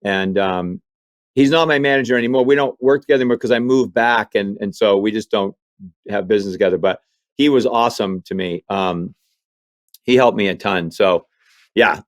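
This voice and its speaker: A comedian from Maine telling animated stories in an interview, acting out other people's voices as he goes. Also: lowish voice, moderate pace, no room sound. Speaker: comedian guest. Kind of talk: storytelling interview chat.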